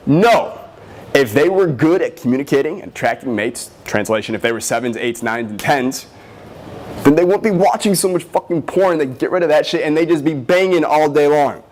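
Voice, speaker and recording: A man's voice: on the high side, animated, normal speed, a little mellow. Brash, cocky, profane male dating coach. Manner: brash, profane and cocky, acting out teasing lines. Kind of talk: motivational dating advice talk.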